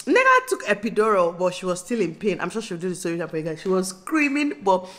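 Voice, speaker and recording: A woman in her thirties with a Nigerian accent, chatting excitedly to camera in a casual vlog, bubbly and laughing often. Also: on the low side, fast. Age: 30s. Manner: bubbly, laughing, breaks into squeals. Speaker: vlogger.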